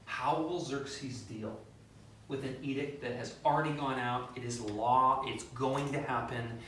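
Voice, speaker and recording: A man preaching a conversational sermon as pastor, animated, acting out quotes and making joking asides. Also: medium pitch, unhurried, slight background noise. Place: church sanctuary. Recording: very echoey, distant mic.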